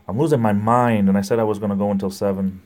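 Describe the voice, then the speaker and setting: Reading comments on his laid-back livestream, the host greets viewers by name, rambles and breaks into laughter often between remarks. He's a fast talker with a voice on the low side, a little mellow, with fairly even intonation.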